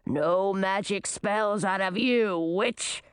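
A woman voicing a huge menacing male manticore who taunts slowly in a drawn-out, deep voice. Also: smooth, no room sound, studio quality, close to an everyday voice. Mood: gloating. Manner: slow, drawn-out, gloating.

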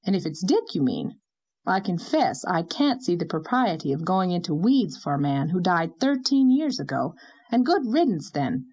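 A woman's voice: fairly low pitch, big pitch swings, darkish tone, slightly rough, lo-fi sound. Figure: a woman doing a tart, outspoken older village woman. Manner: brisk, tart and opinionated.

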